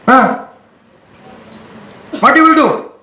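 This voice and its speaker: A very high-voiced man with a bright, sharp tone, lecturing a class. He is stern and commanding, repeating his orders over and over. The sound is echoey, as in a large room. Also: expressive, drawn-out words. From India. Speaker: motivational trainer.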